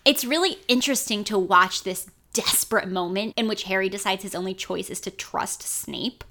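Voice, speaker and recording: A young woman co-hosting a podcast chats animatedly about a book, full of fillers. Her voice is bright and forward. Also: mid-range voice, normal speed. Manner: chatty, animated, lots of fillers. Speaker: podcast co-host. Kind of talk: casual book discussion.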